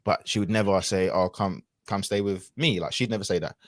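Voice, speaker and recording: A man speaks low and unhurried, working through a personal story with fillers and false starts. His voice is close and dry, with no room sound around it. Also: no echo. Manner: reflective, rambling with many fillers and restarts. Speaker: podcast guest. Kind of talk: casual storytelling chat.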